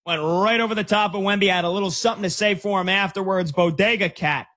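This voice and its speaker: A man hosting a sports talk show, reacting to a live game as it unfolds and reading texts from listeners. His voice sits high and sounds bright and forceful, and he gets excitable, sometimes rising to a shout. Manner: excitable, rapid, breaks into shouts. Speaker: sports radio host.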